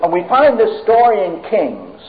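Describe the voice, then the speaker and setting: A man preaching a sermon emphatically, swinging between raised and hushed delivery. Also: high-pitched, wildly swooping pitch, unhurried, a little hiss or hum. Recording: tinny phone-like audio.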